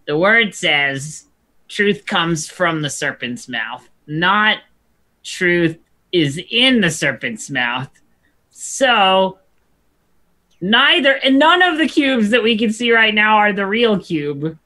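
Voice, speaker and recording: A woman playing a tabletop game, reasoning through a puzzle slowly and deliberately. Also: medium pitch, very animated, pushed and bright. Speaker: player. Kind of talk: casual tabletop game play.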